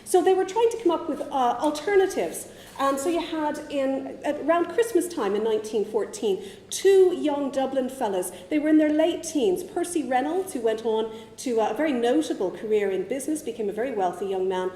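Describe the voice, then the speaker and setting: A woman's voice: high voice, expressive, fairly quick, mellow, echoey room, in a large hall. A woman giving a chatty, digressive public history talk in a museum. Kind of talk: public lecture.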